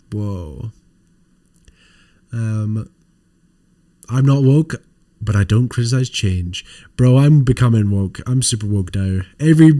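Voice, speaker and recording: A man's voice: on the low side, warm tone. Rambling, profane male stream co-host. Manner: rambling, profane, showing off toys. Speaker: podcast co-host. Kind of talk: casual livestream chat.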